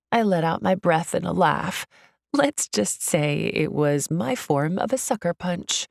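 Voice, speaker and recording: Audiobook narrator: woman, low voice, expressive and upbeat, dry close studio sound. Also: vocal fry, no room sound. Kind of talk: first-person audiobook narration.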